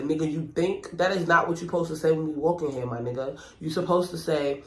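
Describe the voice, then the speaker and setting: A woman with a thick New York accent tells a story in a loose, profane, animated way. She laughs easily as she talks. Her voice bounces around a roomy, echoing space. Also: low voice, a little fast, few pauses. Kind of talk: casual storytelling. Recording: roomy echo.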